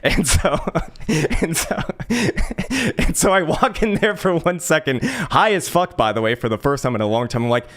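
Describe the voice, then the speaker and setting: A man from San Francisco, USA, hosts his channel and relaxedly tells a personal story in a fairly high voice at normal speed. He swears freely, stumbles over repeated words, and often breaks into laughter.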